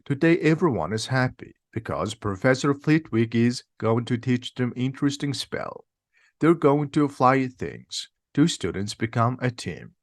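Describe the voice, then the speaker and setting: A man narrates a simplified audiobook in a steady, plain reading. His voice sits at an ordinary middle pitch. The recording is dry and close. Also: a little slow, dry recording. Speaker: reader.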